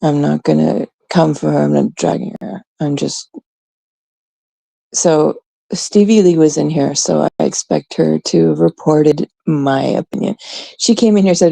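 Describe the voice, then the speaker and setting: A woman with a low, gravelly voice rants to her livestream chat, sarcastic and full of swearing. Her tone is dark and mellow, and she talks slowly. The sound is dry and close, with no room around it. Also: no room sound. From Canada. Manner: profane, sarcastic, ranting. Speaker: livestream host.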